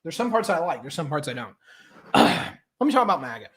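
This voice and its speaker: A man's voice: a little high, sing-song, brisk, crowd noise. A man giving blunt, opinionated political commentary in a crude, outspoken way. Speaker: political commentator in a played clip.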